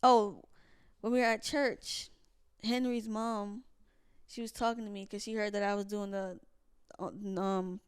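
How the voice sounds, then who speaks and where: Smooth-voiced young woman telling stories. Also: medium pitch, measured pace, dry recording, clean studio sound. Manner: animated storyteller, acts out quotes, many restarts. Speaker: podcast co-host. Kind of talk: casual storytelling chat.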